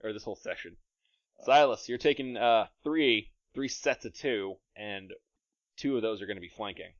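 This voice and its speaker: A man running a tabletop game as game master, playful and narrating combat with quick asides. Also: fairly low pitch, no room sound. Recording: dry, slightly dull podcast mic.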